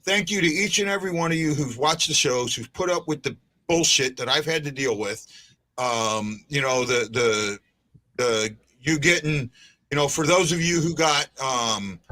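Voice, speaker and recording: A man chats on his fan live stream, circling back over his own phrases. His voice is bright and sits a little high. The talk is loose and informal. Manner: rambling, repeats himself and restarts. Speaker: fan podcast host. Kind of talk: casual live-stream chat.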